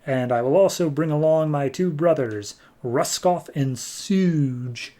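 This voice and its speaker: A man's voice: a little high, slow, mellow. A man voicing a smug male demon prince who delivers threats in a casual, mock-polite way.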